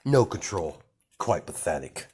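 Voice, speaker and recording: A man voicing an ancient vampire queen and mother, speaking calmly and scornfully in a fan-made story. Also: low-pitched, measured pace, slight background noise. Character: cold, mocking vampire queen mother, woman.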